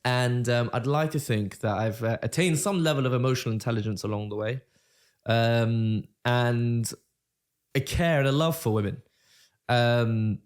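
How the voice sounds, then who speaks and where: A man's voice: mid-range voice, normal speed, smooth. A man with a British accent co-hosting a podcast, in casual chat, joking and calling his friend mate. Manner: bantering, says "mate" often. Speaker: podcast co-host.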